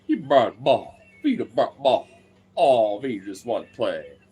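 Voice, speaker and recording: A man's voice: sing-song, moderate pace, warm tone, slightly rough. A man talking casually and playfully to his dogs in a vlog, teasing them and swearing lightly. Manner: playful, teasing, swears casually, jumps into high baby-talk pitch with the dogs.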